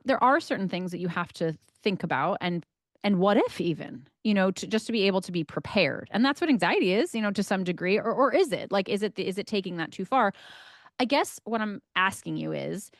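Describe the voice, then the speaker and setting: A woman's voice: medium pitch, sing-song, fast talker, no room sound, studio quality. A woman co-hosting a conversational podcast, asking thoughtful, probing questions with hesitant phrasing. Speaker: podcast co-host.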